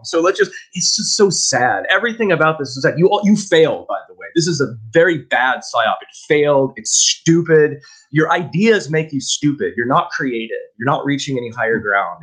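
A man with a husky, raspy voice holds forth on a podcast. He is emphatic and scathing, and he hammers his points home. The delivery is heated and insistent. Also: fairly high pitch, a bit bright, rough recording. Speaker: podcast co-host. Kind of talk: film discussion podcast.

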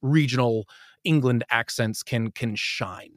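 A man with an American accent, an audiobook narrator, talking animatedly in a casual interview and jumping quickly between ideas. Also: mid-range voice, dry recording, studio quality. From United States.

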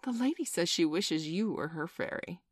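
A woman reading a storybook aloud, voicing a merry, boastful young boy in a raised, lively voice. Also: fairly low pitch, moderate pace, no room sound, studio quality. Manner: bright boyish storybook voice, lively and proud.

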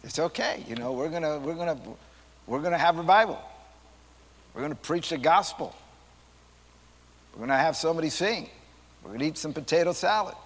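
A man, a pastor teaching Sunday school in a rambling, animated, conversational way, often repeating his words. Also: fairly high pitch, fairly quick, long pauses. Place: church hall. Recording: church hall reverb.

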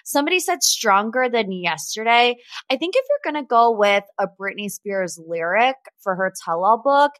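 A young woman from Ohio hosts a pop culture podcast, chatty and gossipy with sarcastic asides in casual commentary. Her medium-pitched voice is expressive and a bit bright at normal speed, and the recording is dry.

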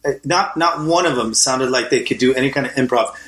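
Guy host cracking crude jokes, swears a lot, middle-pitched voice, echoey hotel room sound. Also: fairly quick, a bit bright. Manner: profane, joking, blunt. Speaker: podcast host. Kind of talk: casual crude banter. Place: hotel suite.

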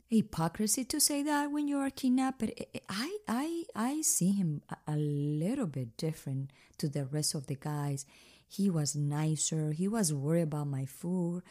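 A woman recounting a personal ordeal in earnest, halting non-native English, often restarting her sentences. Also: lowish voice, warm tone. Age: adult. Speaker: kidnapping survivor telling her story. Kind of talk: personal testimony.

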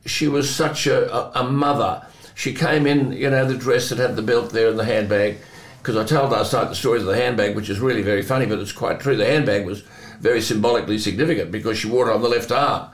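A man's voice: mid-range voice, quick pace, few pauses, reverberant. An older man, hosting and telling anecdotes in a chatty way, chuckling often. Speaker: host. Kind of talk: conversational storytelling.

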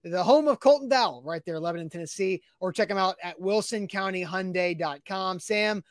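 A man's voice: sits high, a little fast, dry recording, studio quality. A man co-hosting a casual morning sports show, talking in a loose, rambling way and laughing readily. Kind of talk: casual sports radio chat.

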